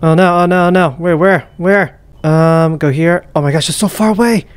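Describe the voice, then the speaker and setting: A young man commentating a horror game as he plays, muttering, whispering and panicking with rapid repeats. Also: a little high, smooth, no room sound. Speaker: gaming YouTuber. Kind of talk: live gameplay commentary.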